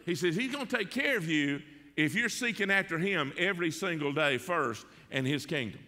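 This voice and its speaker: Man, Southern accent, pastor, sermon, folksy, rhetorical questions, bright tone, echoing sanctuary. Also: on the high side, expressive, moderate pace. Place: church sanctuary.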